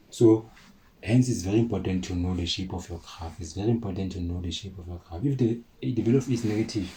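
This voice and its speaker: A man's voice: low voice, mellow, a little hiss or hum, low-quality recording. A man teaching a maths lesson, talking informally to his viewers and repeating key points. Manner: chatty, addresses viewers as guys, repeats himself. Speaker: maths tutor.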